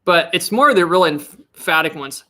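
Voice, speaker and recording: A man's voice: fairly high pitch, expressive, a little fast, pushed and bright. A young man chatting casually on a live stream, rambling and restarting his sentences, with frequent laughs. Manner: rambling, self-interrupting, giggly.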